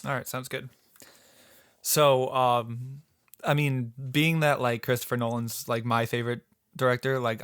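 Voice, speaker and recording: A man's voice: mid-range voice, a bit bright, smooth, no echo, clean studio sound. A man co-hosting a podcast, chatting casually and rambling with lots of "like" and "um". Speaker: podcast co-host.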